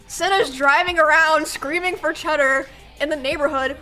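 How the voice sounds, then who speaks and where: A young woman streamer telling a story casually and animatedly, swearing and acting out shouts. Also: sits high, steady tone, normal speed, faint music behind.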